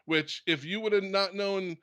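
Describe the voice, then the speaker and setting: Man, somewhat high voice, relaxed storyteller, church talk co-host. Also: moderate pace. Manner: relaxed storyteller, recounts scenes with quoted voices. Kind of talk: casual faith discussion.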